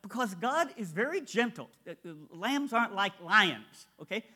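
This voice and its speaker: A male preacher giving a sermon, emphatic and repetitive, dropping soft then rising loud to stress his points. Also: high-pitched, lively intonation, normal speed. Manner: emphatic, repeats key phrases, swings between soft and loud.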